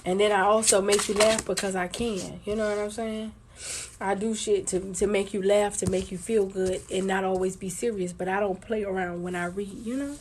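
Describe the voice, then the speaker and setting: A woman's voice: medium pitch, steady tone, moderate pace, noisy background. A woman doing a casual live stream card reading for viewers, with a sore throat and a held-back cough. She talks bluntly with lots of swearing and repeats her points for emphasis.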